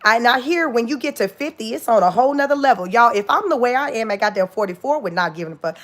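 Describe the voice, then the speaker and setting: A woman's voice: a little high, expressive, fast, a bit bright. Blunt, profane woman in her forties. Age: 40s. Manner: blunt, profane, laughing often. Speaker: livestream host. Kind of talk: casual livestream talk.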